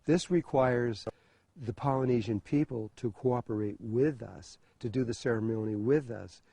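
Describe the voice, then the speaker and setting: A man's voice: medium pitch, normal speed, vocal fry, mellow, slightly rough, dry recording. An older man from the USA, a spiritual teacher, tells a personal story in a hesitant way, full of fillers and restarts and with the odd chuckle. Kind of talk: storytelling talk.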